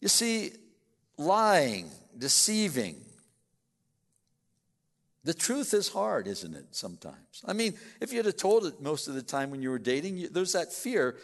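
A man's voice: a little high, very animated, a little slow. A male pastor preaching a sermon, earnest and speaking directly to his congregation. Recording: echoey church hall.

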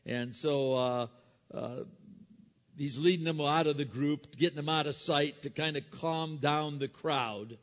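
A male pastor tells a Bible story as a sermon, in a fairly high voice and an animated storytelling manner. He often trips over his words and repeats them as he goes. The recording sounds muffled and lo-fi, with a long reverb from a large hall. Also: a little slow.

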